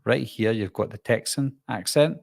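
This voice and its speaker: A middle-aged man with a Glaswegian Scottish accent, hosting a relaxed live stream and chatting while reading out viewer comments. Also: fairly low pitch, normal speed, gravelly, no room sound. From Scotland. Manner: chatty, jokey, reads comments aloud and answers. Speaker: channel host.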